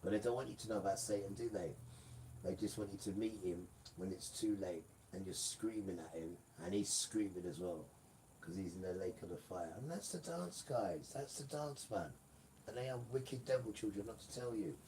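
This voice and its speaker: A man's voice: lowish voice, moderate pace, mellow. Rambling man, emphatic live monologue. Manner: rambling, emphatic, keeps addressing the audience. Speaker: live streamer. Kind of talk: casual live-stream monologue. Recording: distant mic with faint room noise.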